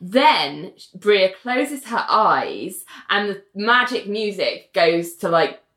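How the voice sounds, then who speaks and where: Woman, casual recap chat, lively storyteller with a wide-ranging voice, roomy echo. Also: mid-range voice, takes it slowly. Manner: animated storyteller who acts out the characters' lines. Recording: echoey room.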